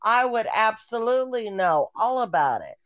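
A woman's voice: on the high side, very animated, normal speed, lo-fi sound, crowd noise. A woman from Omaha calling in, sassy and playful, swearing freely. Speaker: caller. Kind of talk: casual call-in banter.

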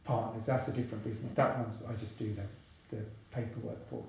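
A man, talking casually as a podcast guest in a relaxed, chatty way with many asides. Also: lowish voice, brisk, gravelly. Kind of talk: casual interview talk. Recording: very echoey room.

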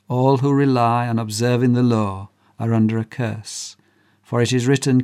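A man's voice: medium pitch, flat delivery, moderate pace, darkish tone, clear, resonant tone. A man preaching a sermon, earnest and emphatic, telling a courtroom story to his listener. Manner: earnest, emphatic, acts out characters' voices.

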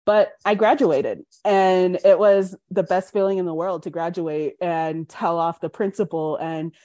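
A young adult woman from Colorado, appearing as a podcast guest, tells her life story candidly and animatedly, acting out the voices of people she quotes. Her voice sits fairly low and she speaks unhurriedly. The recording is studio quality with no echo.

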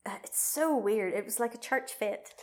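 A woman's voice: mid-range voice, normal speed. A woman in her thirties with a British accent, chatting casually as a co-host and recounting a film in a rambling, jokey way. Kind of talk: casual chat.

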